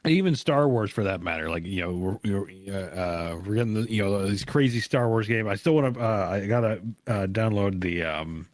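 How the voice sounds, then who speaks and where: Low-voiced man, halting and dry. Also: lively intonation, no room sound. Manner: halting, searching for words, many fillers. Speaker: podcast co-host. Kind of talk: casual chat.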